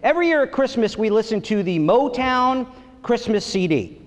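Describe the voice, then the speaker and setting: Middle-aged comedian guy from long island, high animated voice, live stand-up on a big echoey stage. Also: moderate pace. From Long Island, New York. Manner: lively storytelling, acting out voices. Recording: long reverb of a theater.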